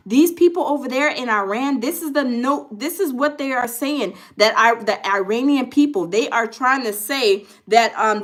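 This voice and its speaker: Casual woman streamer, high-pitched, emphatic, reads chat comments aloud. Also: fairly bright tone. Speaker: livestream host.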